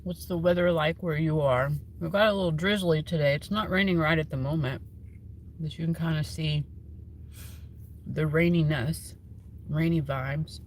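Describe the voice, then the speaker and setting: A woman's voice: low-pitched, moderate pace, slight background noise. A woman hosting a tarot livestream from home on her phone, chatting casually and rambling with lots of fillers. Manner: chatty and rambling, many fillers, laughs often.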